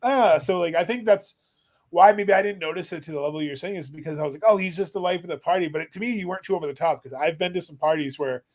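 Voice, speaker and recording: A man's voice: fairly high pitch, fast talker, a little mellow. A man in casual podcast chat who laughs often and tells stories with a supportive tone.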